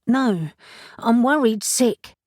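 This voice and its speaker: A panicked young woman begs for help in a strained, high voice, as a woman narrator plays her. Her words come slowly and close to the mic, with no room around them. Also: lively intonation, a little mellow, dry recording. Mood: anxious. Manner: high-pitched, pleading, breathless urgency. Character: frantic young woman, tearful and desperate.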